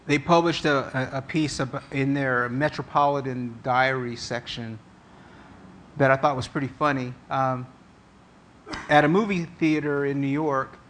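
A man's voice: mid-range voice, fairly bright tone, slight background noise. A man preaching a sermon as pastor, earnest and conversational, often restarting his phrases.

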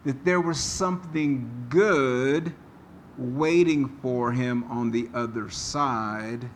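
A man preaching a sermon as pastor, slow and deliberate, telling a story to make his point. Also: mid-range voice, a little hiss or hum.

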